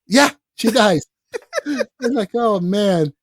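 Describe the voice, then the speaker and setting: A man co-hosting a podcast, talking casually about films in a blunt, profane, animated way. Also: high voice, takes it slowly, dry recording. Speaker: podcast co-host. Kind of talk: casual film chat.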